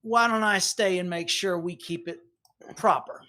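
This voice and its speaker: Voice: medium pitch, unhurried, pushed and bright. Game master voicing a sardonic woman worker, weary, dry, needling, tabletop game.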